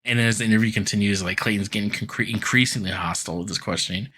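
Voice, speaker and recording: A man's voice: lowish voice, steady tone, fast talker, bright, forceful tone, husky. A man co-hosting a podcast, recapping a cartoon episode in loose, laughing casual chat full of fillers. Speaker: podcast co-host.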